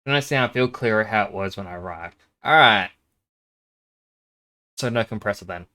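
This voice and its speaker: A man's voice: lowish voice, normal speed, pushed and bright. Man streaming from home: loose, rambling chat, a bit shy, tries out whispering on his microphone. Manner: rambling, self-conscious, tests whispering at the mic. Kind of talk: casual game-stream chat.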